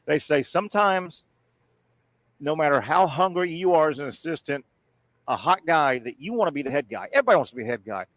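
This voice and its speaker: A man's voice: on the high side, big pitch swings, a little fast, gravelly, fairly bright tone, dry recording, low-quality recording. A man co-hosting a casual sports talk show live from a sports bar, chatty and agreeable, often tossing in "right?" and "yeah". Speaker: sports radio co-host.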